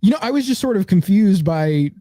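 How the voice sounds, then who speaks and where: A man with a fairly high, mellow voice talks quickly on a podcast, rambling with fillers and then pressing his co-host again and again. His delivery is loose and playful. The recording is dry and close. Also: expressive, no room sound. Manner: rambling, hesitant, playfully insistent. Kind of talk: casual podcast banter.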